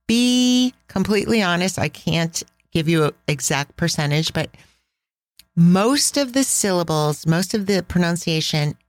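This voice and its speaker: A woman's voice: deep voice, no echo. A woman hosting a casual travel podcast, talking with enthusiastic, chatty storytelling. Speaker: podcast host.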